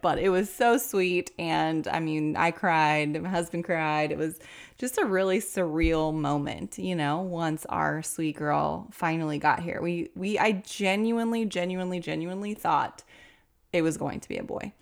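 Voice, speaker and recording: A woman's voice: deep voice, a little slow, gravelly, clear, resonant tone. A woman in her thirties, a podcast host, telling a personal story to her listeners in a chatty way, laughing often. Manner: chatty, laughing, animated when quoting others.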